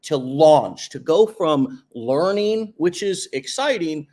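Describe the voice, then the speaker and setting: A man's voice: on the high side, lively intonation, a little mellow. A man hosting an interview podcast, talking in a casual coaching way and stretching out words for emphasis. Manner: coaching, drawn-out emphatic phrases. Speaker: podcast host.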